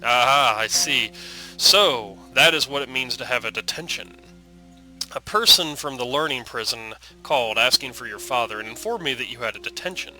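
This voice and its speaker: A man's voice: mid-range voice, moderate pace, pushed and bright, low-quality recording. A man doing a formal, naive alien queen. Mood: earnest. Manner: stiff, formal, oddly literal speech. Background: game music.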